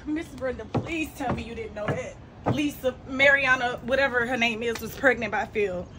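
Upset young wife, pleading, high pitch, acted by a woman. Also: moderate pace, noisy background, natural voice. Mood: hurt. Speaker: comedy sketch actress.

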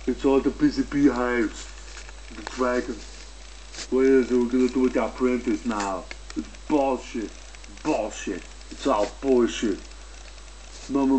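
Guy doing a gruff action hero voice, super slow and clipped, a bit of faint background noise. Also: medium pitch, lightly acted, rough recording. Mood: commanding. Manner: slow, clipped, heavily accented barking. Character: gruff, deadpan muscle-bound action-hero man. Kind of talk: comic celebrity impression.

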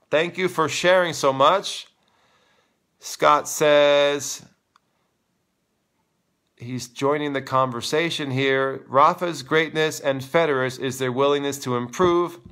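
A man in the role of a live-stream tennis coach talks with a bright, forward tone. He is blunt and animated, and he teases his viewers playfully as he answers their questions. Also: mid-range voice.

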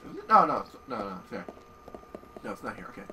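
A man casually commentating on a horror video game as he plays, excitable and swearing often. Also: fairly low pitch, fast, distant mic, background noise. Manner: excitable, profane, yells at the game. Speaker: gameplay commentator. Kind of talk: casual let's-play commentary.

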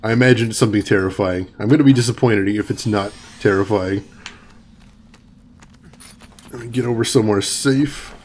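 A man's voice: on the low side, normal speed, pauses often, slight background noise. A man casually commenting on his game while chatting with viewers and laughing often. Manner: chatty, reads chat aloud, laughs often. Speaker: gaming streamer. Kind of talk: casual let's-play commentary.

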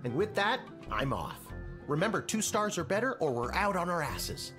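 A man's voice: high voice, sing-song, normal speed, over music. A man voicing a fond, easygoing father with a gambling habit in a video game. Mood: breezy. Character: gambling father, breezy and doting.

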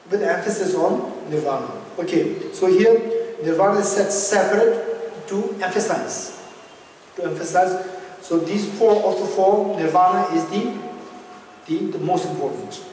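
A man's voice: high voice, darkish tone. A man giving a Buddhist dharma teaching who repeats key phrases as he explains them. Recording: echoey hall, distant mic, faint noise.

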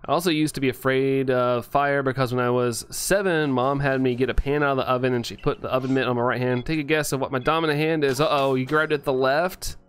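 A man's voice: medium pitch, steady tone, fast, hardly any pauses, smooth. A young man chatting casually as a game streamer, rambling with lots of fillers and often laughing. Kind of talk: casual chat while playing, reading chat.

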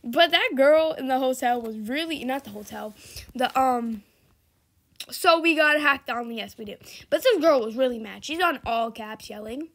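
Giggly high-voiced young woman gamer. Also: normal speed. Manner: giggly, chatty, drifts between loud squeals and quiet mutters. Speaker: gaming video creator. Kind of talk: casual gameplay commentary.

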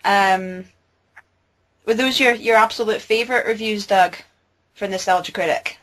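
A woman's voice: medium pitch, measured pace, fairly bright tone. A woman co-hosts an interview over a video call. She is enthusiastic and laughs readily. Faint noise hums under her voice. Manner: enthusiastic, giggly. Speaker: co-host. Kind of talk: casual interview chat.

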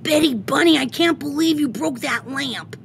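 Storybook tattletale brother bunny, accusing and a bit high, put on by a woman reader. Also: normal speed, gravelly, slight background noise. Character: bossy boy bunny big brother, tattletale.

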